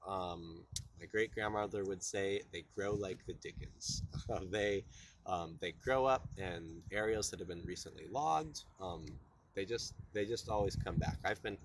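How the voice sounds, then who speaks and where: Easygoing low-voiced man teaching outdoors. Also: lively intonation, unhurried, slight background noise. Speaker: cultural tutorial presenter. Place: outdoors at a plant patch.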